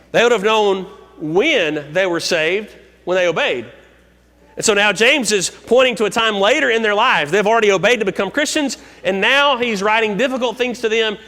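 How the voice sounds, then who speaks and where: Bright-voiced man preaching in a reverberant hall. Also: high voice. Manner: expository, reads scripture aloud and explains it. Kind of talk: sermon. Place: church sanctuary. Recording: long church hall reverb.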